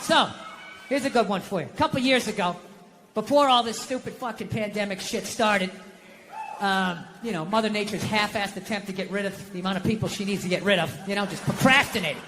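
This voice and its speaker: A sarcastic American comedian on stage, cursing freely and sliding from grumbled asides into outbursts. His voice sits high and sounds bright and forceful, with a faint hiss of noise under it. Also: in a large hall, low-quality recording. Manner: ranting, profane, sarcastic, swings between muttering and yelling. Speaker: stand-up comedian. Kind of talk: stand-up comedy.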